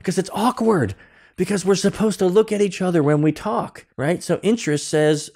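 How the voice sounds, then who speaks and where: A man's voice: fairly high pitch, brisk, darkish tone. A man telling a personal story as a podcast guest, acting out dialogue with many restarts, recorded over a remote call. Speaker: guest, security consultant. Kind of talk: conversational storytelling.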